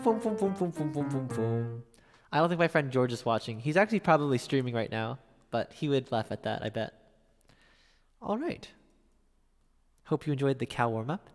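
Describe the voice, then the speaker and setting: A man's voice: medium pitch, big-room sound. A man live-streaming a piano session, chatting casually between songs, reading out viewer chat and thanking viewers.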